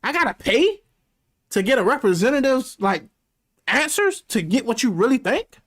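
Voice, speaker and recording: A man's voice: extremely high pitch, moderate pace. A man hosting a reaction video, commenting casually and animatedly with frequent swearing. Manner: animated, profane, laughing asides.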